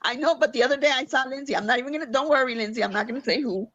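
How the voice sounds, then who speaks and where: Woman, animated storyteller who mimics voices, high-ish, close dry sound. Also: rapid-fire, no room sound, muffled recording. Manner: animated, acts out quotes of herself and others. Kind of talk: casual storytelling in a played clip.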